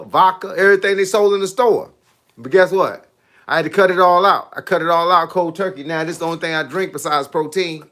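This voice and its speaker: This laid-back middle-aged man, a fitness coach, talks casually with his live-stream viewers in a high, fairly bright voice. He laughs a lot and leans on "hey, look" and "bro" again and again.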